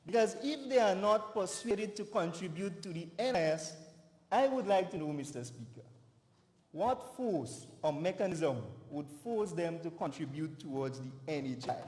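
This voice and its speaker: A man's voice: high-pitched, lively intonation, a little mellow. Young Grenadian man in an echoey chamber. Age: young adult. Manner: emphatic, deliberate, stresses words. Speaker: youth parliament opposition member. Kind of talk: formal parliamentary debate speech. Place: large parliament chamber. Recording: echoey chamber with long reverb.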